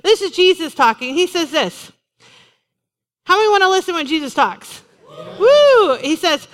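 A woman pastor preaching a sermon to her congregation in a lively, conversational way, joking with them as she goes. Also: very high voice, normal speed, pauses often. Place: church in front of a congregation.

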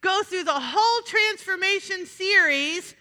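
A woman pastor preaching a sermon in a lively, chatty way, with asides to the congregation. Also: very high voice, unhurried. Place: church sanctuary. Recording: reverberant church sanctuary.

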